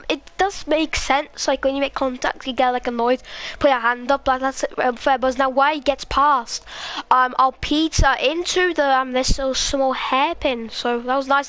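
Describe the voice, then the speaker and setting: A woman with a Scottish accent giving live race commentary in a halting, rambling way, full of fillers. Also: high-pitched, fairly bright tone, dry recording. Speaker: sim racing commentator.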